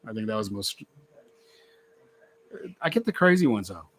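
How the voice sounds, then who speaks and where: A man's voice: fairly low pitch, sing-song, normal speed. A middle-aged man telling a story in casual chat, acting out quoted voices and laughing often.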